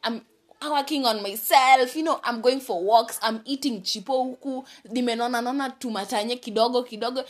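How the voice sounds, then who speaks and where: A young woman with a Kenyan accent telling a story in a casual vlog, animated and mixing English with Swahili slang. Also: fairly high pitch, a little fast, slight background noise. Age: young adult. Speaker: vlogger. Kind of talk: storytime chat.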